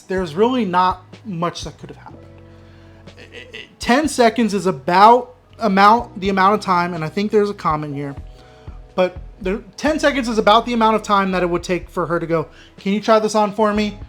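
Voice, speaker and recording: A man with a high, fairly bright voice hosts an advice channel, reading an online story aloud. He reacts with blunt, exasperated commentary and breaks into frustrated rants.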